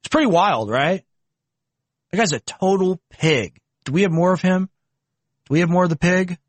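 A man's voice: high voice, expressive, normal speed, no echo. A young man commenting on video clips, indignant and mocking. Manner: indignant, mocking, puts on silly voices. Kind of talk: political commentary.

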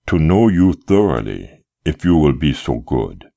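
Calm, polite captor, read by a man; very deep voice, courteous and unhurried. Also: vocal fry, exaggerated voice.

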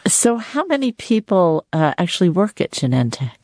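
A woman's voice: lowish voice, big pitch swings, moderate pace, darkish tone, no echo, studio quality. Chatty middle-aged woman host. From California. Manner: chatty, effusive, asides. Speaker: interview host. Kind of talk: conversational interview.

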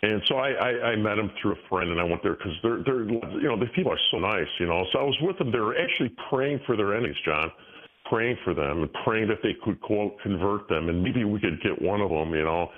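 A man's voice: fairly low pitch, a little fast. A man in his sixties telling stories on a call-in talk show, with many restarts and fillers. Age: 60s. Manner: animated storytelling with frequent restarts. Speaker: guest. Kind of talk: casual interview talk. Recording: tinny phone-line audio.

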